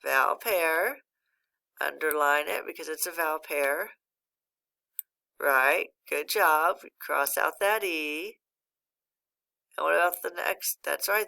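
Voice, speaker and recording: A woman teaching a phonics lesson, patient and encouraging, pausing for answers as if students were replying. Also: lowish voice, gravelly, pushed and bright.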